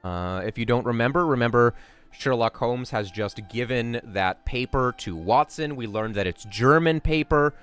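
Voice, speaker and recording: A man's voice: medium pitch, normal speed, a bit bright, clean tone, soft background music. A man streaming casually, chatting playfully with viewers and reading a book aloud.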